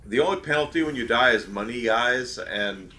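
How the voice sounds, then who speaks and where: A man's voice: medium pitch, lively intonation, moderate pace, sharp tone, slight background noise. A man streaming a video game, giving rambling, opinionated advice with lots of fillers. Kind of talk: casual gameplay commentary.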